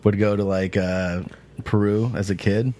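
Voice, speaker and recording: A man co-hosts a casual comedy podcast in a lowish voice. He rambles along, leaning on fillers as he tells stories. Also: level tone, unhurried, mellow. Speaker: podcast co-host.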